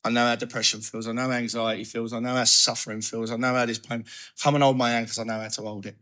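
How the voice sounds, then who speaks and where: Man, bright tense voice, lively first-person recovery talk, plays out his inner voice. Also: medium pitch, fast talker. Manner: animated storytelling, acting out his own thoughts. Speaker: recovery speaker.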